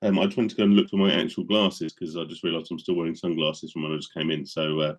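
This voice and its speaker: Low-voiced man chatting on a stream. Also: level tone, quick pace. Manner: chatty, rambling, many ums and restarts. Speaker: live stream host. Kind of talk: casual live stream chat. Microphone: studio microphone.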